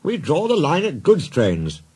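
A man's voice: a little high, huge pitch swings, measured pace, darkish tone, slightly rough, pitched above the performer's own voice, full character voice. A man voicing proud big steam engines who grumble in a superior way. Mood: haughty.

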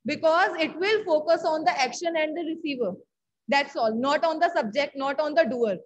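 With the highs cut off in the audio, a woman's high-pitched voice comes through at a moderate pace. She has an Indian English accent and teaches English grammar online, returning to key words and checking often that the students understand.

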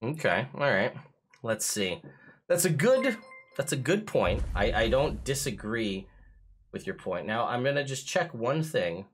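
A man running a streamed tabletop game as its game master. His pitch sits in the middle but swings widely as he explains rules. He sounds excitable and quick to chuckle. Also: a little hiss or hum.

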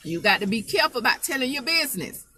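High, bright-voiced woman preaching emphatically. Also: big pitch swings, fast talker, slight background noise. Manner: emphatic, repeats phrases for emphasis; folksy, conversational preaching. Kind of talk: informal spoken sermon.

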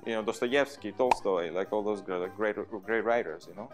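A man giving measured, thoughtful interview answers. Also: on the low side, over music.

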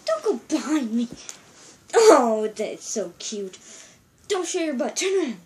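Excitable high-voiced woman vlogging at home. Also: a little slow, noisy background. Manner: excitable, giggly, coaxing her pet. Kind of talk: casual home vlog. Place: at home, indoors.

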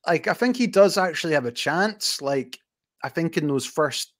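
A man's voice: on the high side, lively intonation. Chatty man hosting a boxing show. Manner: chatty, rambling, quick restarts. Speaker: host. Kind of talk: casual chat.

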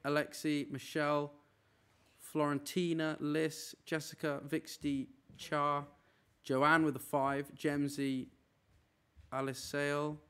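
A young man with a slightly high voice chats casually on a live stream from a room. He runs through a long list of names quickly, with plenty of fillers along the way. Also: a bit bright, clean tone. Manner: rattling off names in a quick run. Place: apartment room.

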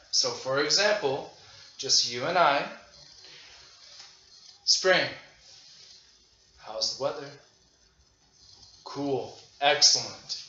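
A man teaching English to children in a demo lesson, speaking slowly and deliberately and repeating phrases for learners. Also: a little high, sharp tone. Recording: roomy, dull lo-fi audio with faint noise.

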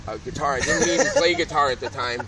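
A man's voice: medium pitch, fast, a loud crowd. A man hosting and telling a rambling, profane story in a casual way, often restarting his sentences. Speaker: host. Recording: distant mic, loud outdoor noise. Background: loud outdoor noise.

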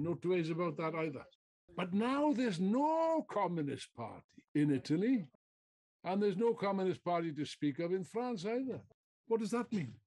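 A man's voice: high-pitched, darkish tone. Emphatic man giving a political speech. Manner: emphatic, repeats phrases, rhetorical questions; mocking mimicry of opponents. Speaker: political speaker.

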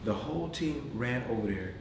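Animated storyteller man, echoey and far. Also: mid-range voice, normal speed, creaky. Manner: animated storytelling, laughing as he tells stories; addresses the audience directly and playfully. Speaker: motivational speaker. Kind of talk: motivational speech to a business team. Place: corporate meeting room. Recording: echoey room from far off, noisy.

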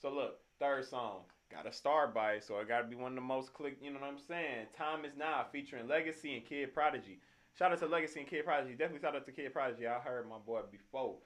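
Here a worn-out young man fresh from his shift reacts to music on video, yawning as he goes. His mid-range voice is quick and fairly bright, and his casual, swear-heavy slang keeps pumping up the songs.

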